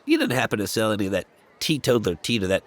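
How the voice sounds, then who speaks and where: A man's voice: lowish voice, very fast. Man playing an adventurer disguised as a goblin. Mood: friendly. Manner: buddy-buddy, lively slang.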